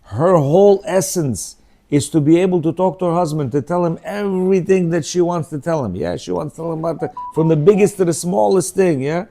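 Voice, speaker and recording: A man's voice: on the high side, fairly quick, warm tone. A man teaching a religious marriage class in a conversational way, asking rhetorical questions, acting out quoted dialogue and using Hebrew religious terms.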